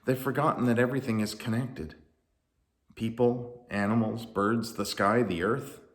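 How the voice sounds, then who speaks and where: A man voicing God as a patient, gentle figure who speaks quietly and unhurriedly in a children's story. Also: mid-range voice, fairly even intonation, moderate pace, close to an everyday voice. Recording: roomy echo.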